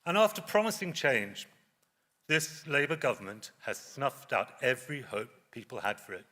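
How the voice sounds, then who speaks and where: A man's voice: sing-song, normal speed, sharp tone. Impassioned man at a podium. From Wales. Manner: impassioned, drops low for emphasis. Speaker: party leader. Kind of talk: conference speech. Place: large conference hall on stage. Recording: long hall reverb.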